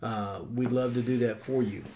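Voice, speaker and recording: A man's voice: medium pitch, steady tone, normal speed, dark tone, slight background noise. A man with a country accent, hosting a casual board game chat with a folksy, rambling manner full of fillers. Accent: American Southern rural. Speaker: host.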